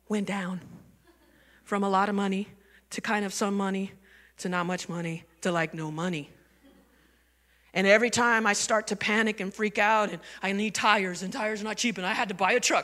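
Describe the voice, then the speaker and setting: Woman, pastor, conversational sermon, asks the crowd questions, bright voice, long church reverb. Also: mid-range voice. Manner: conversational and animated, asking the congregation questions.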